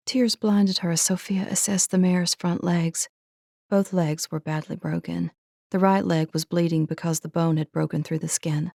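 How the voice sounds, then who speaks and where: A woman narrating an audiobook in a measured, earnest way. Her voice sits lowish with a gravelly texture. The recording is dry and close, with no room sound. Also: darkish tone, no echo.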